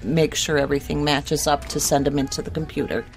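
A woman's voice: low voice, fairly even intonation, a little fast, vocal fry. A woman bookkeeper at a store, counting and explaining her routine in a matter-of-fact way. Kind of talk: explaining at work.

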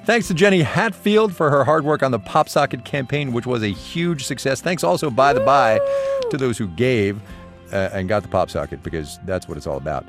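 A man's voice: mid-range voice, lively intonation, fairly quick, over music. A man hosting a casual podcast, reading listener mail with a wry, self-deprecating manner. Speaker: podcast host.

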